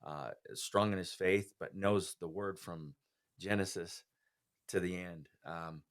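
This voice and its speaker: A man with a strikingly deep, low voice speaks as a podcast guest. He tells his own story in an earnest, heartfelt way, as a personal testimony. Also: fairly even intonation, a little slow.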